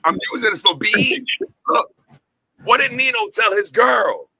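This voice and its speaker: High gravelly guy preaching hard, cussing, asking questions he answers himself. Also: animated, normal speed, sharp tone, dry recording, low-quality recording. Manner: preachy, profane, repeats lines for emphasis, rhetorical questions. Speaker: host, head of an entertainment company. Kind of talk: fired-up motivational talk.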